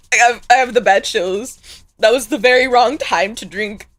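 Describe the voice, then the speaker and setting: A woman streamer in casual live-stream chat, animated, groaning and laughing as she reacts to clips. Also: on the high side, moderate pace.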